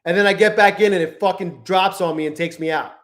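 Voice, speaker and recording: A man live-streaming his trading, cursing constantly and swinging between low muttering and angry shouting at the market. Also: steady tone, quick pace. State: frustrated and angry. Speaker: livestreaming futures trader.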